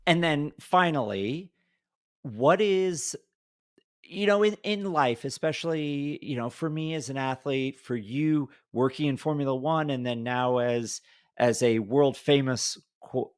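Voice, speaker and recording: A man's voice: mid-range voice, a little slow, no echo, studio quality. A male podcast host who interviews a guest in a casual, playful way and often laughs.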